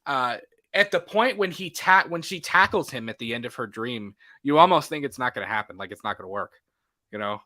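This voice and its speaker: A young man co-hosting a movie podcast in casual chat, excitable and laughing often as he acts out scenes. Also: mid-range voice, a little fast. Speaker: podcast co-host.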